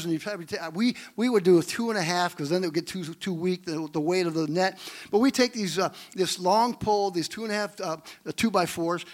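A male pastor preaching a sermon, telling stories and asking the congregation questions. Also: high voice. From Great Lakes region of the US. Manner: animated storytelling preacher, asks the congregation questions. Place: church.

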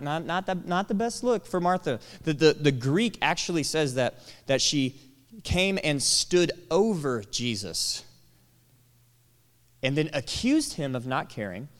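A man preaching a sermon, animated, acting out quoted lines and dropping to soft, tender tones. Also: mid-range voice. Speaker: pastor. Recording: long hall reverb.

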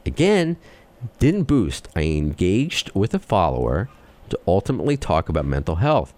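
Excitable New York podcast host. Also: male voice, low-pitched. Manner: excitable, fast-talking, ranting. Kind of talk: casual chat.

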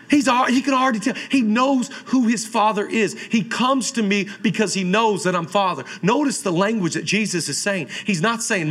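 A male pastor in his thirties delivers a fervent sermon. His voice sits high for a man and rings bright and forceful. He keeps urging the congregation to answer him. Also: moderate pace. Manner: fervent preaching with call-and-response exhortations.

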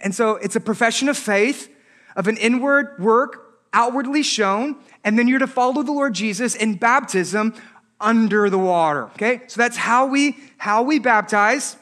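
A married man preaching a sermon as pastor, animated, with joking asides and rhetorical questions. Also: extremely high pitch, moderate pace. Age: adult, married.

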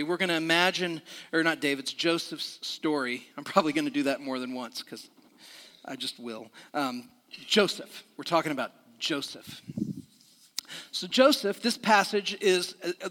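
A man's voice: on the high side, fairly bright tone, big-room sound. A middle-aged man preaching a sermon in a church, talking conversationally with restarts and questions to the room. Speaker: pastor. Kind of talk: sermon with a personal story.

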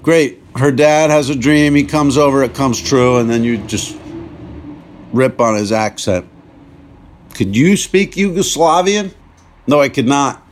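A man's voice: medium pitch, unhurried, a little hiss or hum. A man hosting a countdown show, talking casually from his car and joking as he thinks aloud. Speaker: show host. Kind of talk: casual rambling monologue.

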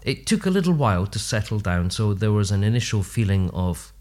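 A man's voice: on the low side, a little fast. A man, a speech and language therapist, telling personal anecdotes with humor as a guest in a podcast interview. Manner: warm, humorous anecdotal storytelling with lively asides. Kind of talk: casual storytelling interview.

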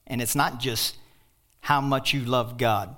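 An older man preaching a sermon as pastor, emphatic, with sudden loud outbursts and joking asides. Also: mid-range voice, steady tone, measured pace.

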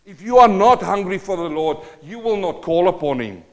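This man's high-pitched, expressive voice moves at a normal speed as he preaches with passion in a church. He shifts between booming exhortation and soft pleading, hurling rhetorical questions at the congregation.

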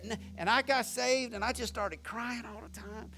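High-voiced preacher in his fifties. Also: moderate pace, creaky, hardly any pauses, faint music behind. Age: 50s. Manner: impassioned, swinging from loud to hushed; folksy storytelling with rhetorical questions. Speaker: pastor. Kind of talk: sermon.

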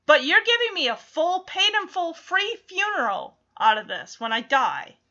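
A woman voicing a small-town male doctor who loudly and emphatically pushes a deal. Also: extremely high pitch, very animated, moderate pace, highs cut off, full character voice. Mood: boastful.

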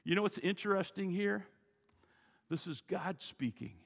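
High, gravelly-voiced animated pastor. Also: male voice, moderate pace. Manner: animated, folksy, joking asides. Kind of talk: sermon. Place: church sanctuary. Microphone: wearing a mic. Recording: reverberant church hall.

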